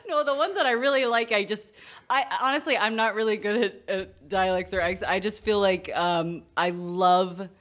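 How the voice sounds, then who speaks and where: A woman's voice: medium pitch, steady tone, moderate pace. A woman with a Southern US accent, talking as a guest in a casual interview, chatty and full of laughs and restarts. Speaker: actor, guest.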